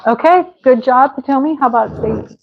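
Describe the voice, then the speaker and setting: An American woman teaching a live English pronunciation class, encouraging and sounding words out slowly. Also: high voice, dull audio. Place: online class.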